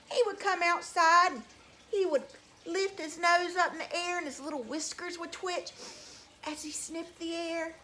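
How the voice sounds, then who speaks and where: A woman telling a folk tale to young children at story time, in a slow, sing-song, animated way. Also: sits high, a little hiss or hum. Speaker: teacher reading to children.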